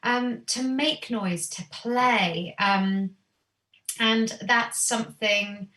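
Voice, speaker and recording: A woman's voice: fairly high pitch, extremely slow, echoey room, far from the mic. A woman singer and singing teacher, a podcast guest, talking in a thoughtful, earnest way about her voice and growing up. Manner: earnest, thoughtful, animated when quoting herself. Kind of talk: reflective interview chat.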